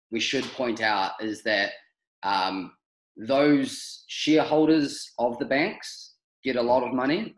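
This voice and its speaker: New man hosting in an echoey room. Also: mid-range voice. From New Zealand. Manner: thoughtful, hesitant, many ums. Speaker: podcast host. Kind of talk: podcast interview.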